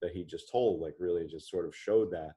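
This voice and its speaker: Here is a man in his thirties with a low-pitched voice, recounting an anecdote as a podcast guest. He tells it animatedly and often restarts his phrases, pulling the listener along. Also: brisk, warm tone, breathy edge. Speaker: author and interview guest. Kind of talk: storytelling in a podcast interview.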